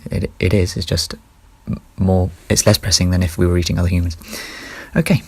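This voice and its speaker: A man with a low, gravelly, slightly rough voice, a little mellow, talks fairly quickly in a flat delivery. In a casual solo vlog monologue, he rambles through his ideas offhandedly and often corrects himself mid-sentence.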